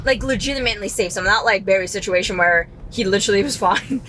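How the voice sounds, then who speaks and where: A woman co-hosting a podcast recorded inside a car, telling a funny story with animated delivery and frequent laughter. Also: medium pitch, fast talker, a little hiss or hum. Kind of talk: casual chat.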